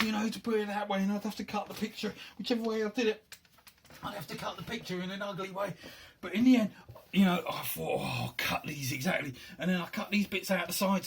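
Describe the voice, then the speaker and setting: A high-voiced man shows off his handmade board game box, with a slight hiss or hum in the audio. The chat is casual show-and-tell: he rambles, thinks aloud and makes fun of himself.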